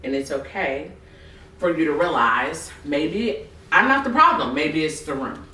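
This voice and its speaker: A woman hosting a podcast, telling stories in a lively way and acting out other people's voices with frequent laughter. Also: deep voice, a little slow, slight background noise. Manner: animated storyteller acting out voices, laughing often. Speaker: podcast host. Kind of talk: casual podcast chat. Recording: roomy, distant mic.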